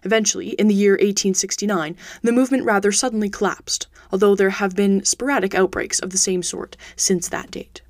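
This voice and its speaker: A woman reading a classic detective story aloud as host of her audiobook podcast, steady and even. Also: mid-range voice, a little fast, hardly any pauses, dry recording. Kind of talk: audiobook narration.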